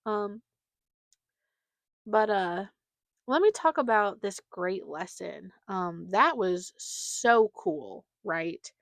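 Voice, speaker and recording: A woman's voice: medium pitch, animated, very slow, creaky, dry recording. A young woman hosting her podcast, chatting casually with many fillers and giggles. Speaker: podcast host. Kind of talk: casual solo chat.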